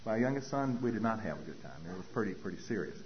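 A man's voice: lowish voice, fast. Guy sharing his recovery story, voice swings up and down, dull lo-fi recording w/ faint hiss. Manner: animated storytelling, acts out dialogue. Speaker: speaker at a recovery meeting. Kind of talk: personal recovery talk.

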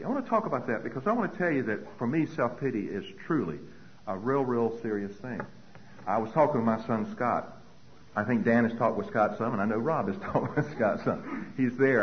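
A man's voice: lowish voice, muffled recording, a little hiss or hum. A middle-aged man giving a personal recovery talk, earnest and repeating key phrases for weight. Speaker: recovery meeting speaker.

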